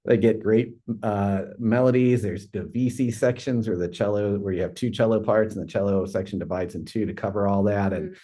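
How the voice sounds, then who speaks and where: A man with a somewhat low, mellow voice talks casually as an orchestra conductor on a podcast. He rambles enthusiastically, circling back with fillers and restarts as he gets going. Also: a little fast, hardly any pauses.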